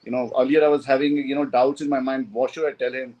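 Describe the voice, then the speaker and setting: A man's voice: medium pitch, flat delivery, quick pace, a little mellow, lo-fi sound. A man speaking as a disciple to his teacher, deferential, repeating an honorific, with broken grammar. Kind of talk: reverent thanks and comment to the teacher.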